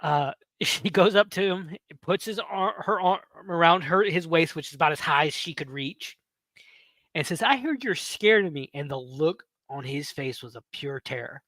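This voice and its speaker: A man in his thirties, a podcast host, telling a story in a casual, animated way, swearing and laughing as he goes. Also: a little high, normal speed, dry recording. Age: 30s.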